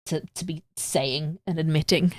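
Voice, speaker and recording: A woman's voice: sits low, steady tone, normal speed, darkish tone, dry recording, clean studio sound. A woman chatting casually on a live stream while she sews at home, joking at her own expense and swearing freely. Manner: chatty, self-mocking and swearing.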